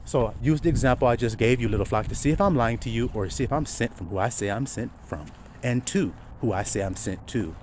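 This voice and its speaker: A man preaching a sermon outdoors, swinging from low murmurs to loud cries. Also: a little fast. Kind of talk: street sermon. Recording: faint street noise behind.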